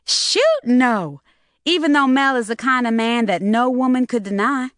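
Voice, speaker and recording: Woman doing a high, eager young daughter. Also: lively intonation, unhurried, no room sound, clean studio sound. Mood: flustered. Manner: raised high and bright, eager. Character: sly young woman, sweet-talking and quick.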